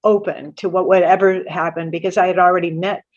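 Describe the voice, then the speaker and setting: An older woman sharing a personal spiritual story in an earnest, halting way, often repeating words as she restarts. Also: on the low side, steady tone. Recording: muffled lo-fi sound.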